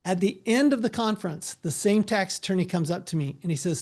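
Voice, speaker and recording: A middle-aged man, a tax advisor, giving a relaxed, anecdote-filled presentation over a video call with frequent restarts. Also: high voice, fairly quick, hardly any pauses. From United States.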